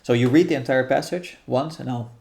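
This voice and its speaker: Thoughtful man explaining, halting speech. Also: medium pitch, creaky, darkish tone. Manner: thoughtful, halting, many restarts and fillers. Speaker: guest guiding a meditation practice. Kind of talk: explaining a practice in casual conversation.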